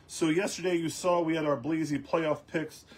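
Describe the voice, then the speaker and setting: A man's voice: fairly high pitch, steady tone, normal speed. A man hosting a casual sports talk show, rambling along with lots of ums and restarts. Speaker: host.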